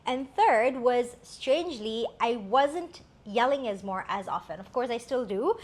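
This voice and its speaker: Woman co-host, fairly high voice, candid and reflective, casual personal storytelling. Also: lively intonation, unhurried. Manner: candid, reflective, many fillers.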